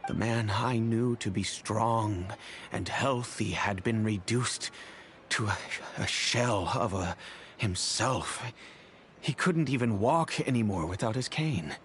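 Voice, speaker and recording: A man voicing a wealthy, kindly middle-aged father in game cutscene dialogue, telling the past in a measured, reflective way. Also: fairly low pitch, a bit bright, a little hiss or hum. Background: game music.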